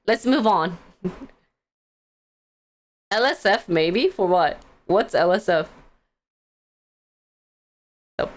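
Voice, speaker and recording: A woman's voice: medium pitch, animated, extremely slow, pauses often. A young woman hosting a live stream, chatting casually and giggling as she reads stock news and answers the chat.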